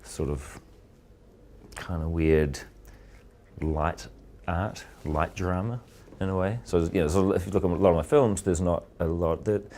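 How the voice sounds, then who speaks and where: A man answering interview questions as a filmmaker, relaxed and rambling, often restarting his sentences. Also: low voice, a little slow, a little hiss or hum. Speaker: filmmaker guest.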